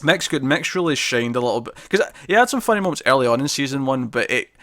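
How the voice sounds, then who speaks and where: A man's voice: medium pitch, lively intonation, quick pace, fairly bright tone, no echo, clean studio sound. A man chatting casually on a TV review podcast, laughing often and acting out scene quotes.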